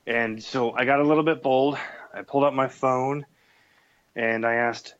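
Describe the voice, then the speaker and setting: A man's voice: mid-range voice, fairly even intonation, moderate pace, a bit bright, no room sound. A man talking as a podcast guest in casual chat, chatty and laughing, with many fillers. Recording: dull lo-fi sound.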